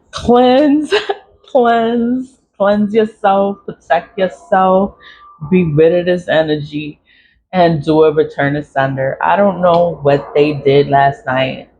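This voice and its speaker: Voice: mid-range voice, steady tone, slow, darkish tone. Emphatic rambling vlogger, dull lo-fi sound. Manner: emphatic, repeats herself, swears freely. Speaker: spiritual vlogger. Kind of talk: casual rambling monologue. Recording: dull lo-fi recording, faint noise.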